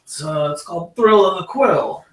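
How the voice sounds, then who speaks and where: A man's voice: sits high, animated, normal speed, a bit bright. A man playing a tabletop game, describing his character's moves. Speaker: player. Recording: roomy, distant mic, clear noise.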